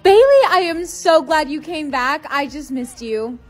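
Woman doing sharp-tongued teen girls and a mom, fairly high voice, skit comedy. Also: animated, a little slow, soft background music. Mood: friendly. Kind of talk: comedic POV skit acting.

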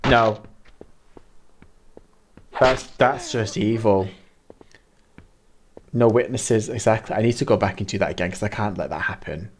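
A man streaming a video game live, reacting loudly, laughing and teasing his chat as he plays. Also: on the low side, measured pace, long pauses, slight background noise. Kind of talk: live gameplay commentary, reading chat. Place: indoor room.

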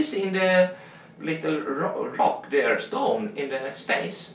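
A young man talks slowly in a rambling, halting comic monologue, often breaking off to exclaim to himself. His voice sits a little high for a man, and he sounds set back from the mic in an echoey room. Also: sing-song. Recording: roomy, from far off the mic.

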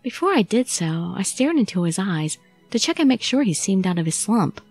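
A woman's voice: medium pitch, moderate pace, soft background music. Woman reading a visual novel aloud. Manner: steady, storytelling read. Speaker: audiobook narrator. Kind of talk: first-person visual novel narration.

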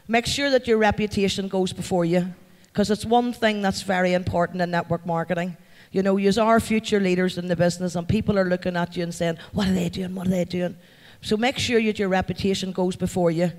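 Northern Irish man, high-pitched, heartfelt and chatty, giving an award speech in a reverberant hall. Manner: heartfelt, chatty, thanks the crowd by name. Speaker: award recipient addressing a company event. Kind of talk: acceptance speech to a live audience. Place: large event hall.

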